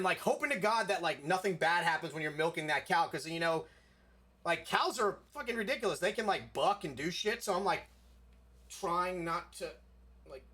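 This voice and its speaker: Young man, casual storyteller, filler-heavy and loose, voice a touch higher than average. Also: pushed and bright. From South Florida.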